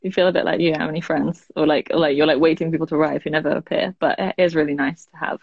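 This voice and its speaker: A woman's voice: deep voice, steady tone, rapid-fire, vocal fry, breathy edge, no echo, phone-quality sound. A woman, chatting as an interview guest. She fills her talk with "like" and laughs often. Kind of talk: casual interview chat.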